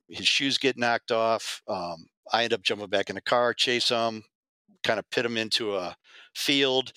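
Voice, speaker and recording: A middle-aged man with a bright, forceful voice, recounting his undercover days in a lively, profane way. He acts out the people he quotes. The sound is close and dry. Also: lowish voice, dry recording. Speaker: guest, former undercover federal agent. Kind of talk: casual storytelling.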